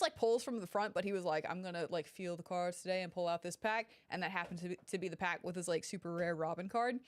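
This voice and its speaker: A young woman streaming a first playthrough of a game, reading dialogue aloud and chatting casually, swearing and giggling. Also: mid-range voice. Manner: animated, swearing, giggly, reads dialogue in voices. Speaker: gaming streamer. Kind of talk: let's play commentary reading game text aloud.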